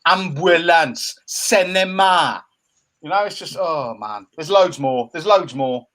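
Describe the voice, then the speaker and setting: A middle-aged man, co-hosting a casual chat show from home and given to animated, jokey rants. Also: on the high side, moderate pace. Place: home room by a window. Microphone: laptop camera.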